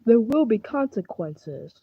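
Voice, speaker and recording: A woman's voice: expressive, slightly rough, no echo, lo-fi sound. A woman growling as a menacing evil hedgehog. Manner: low, slow threats of consequences and killing. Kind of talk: fan roleplay video.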